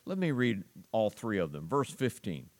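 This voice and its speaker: A man preaching a sermon, slowing down and swelling in volume on key words. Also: lowish voice, sing-song, no room sound. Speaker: pastor.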